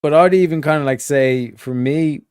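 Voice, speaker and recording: A man's voice: fairly high pitch, moderate pace, darkish tone, clear, resonant tone, no room sound, studio quality. A man hosting a casual stream chat, rambling with many fillers and restarts over a video call. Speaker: streamer host.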